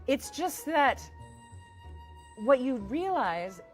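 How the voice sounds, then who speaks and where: A woman narrating a tabletop game as dungeon master, gentle and playful. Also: high voice, sing-song, extremely slow, soft background music.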